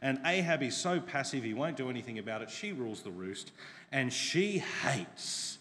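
A male pastor preaching with lively, humorous storytelling and questions to the congregation. His voice sits at an ordinary middle pitch. A long reverb from a large hall trails behind his words. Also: normal speed. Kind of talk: sermon.

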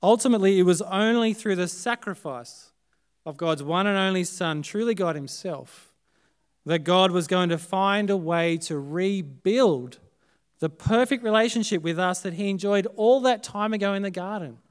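An Australian man preaches a Good Friday sermon in a high, smooth, resonant voice. He builds phrases up with emphasis, then lets them fall away almost to a hush. The delivery is dramatic and deliberate. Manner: dramatic, swinging between loud emphasis and hushed, quiet phrases. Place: church service.

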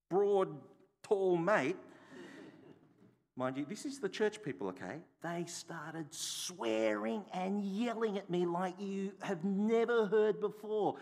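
A man, a bishop preaching a sermon, telling a personal story and asking the congregation repeated rhetorical questions. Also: high-pitched. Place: church. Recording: echoey hall.

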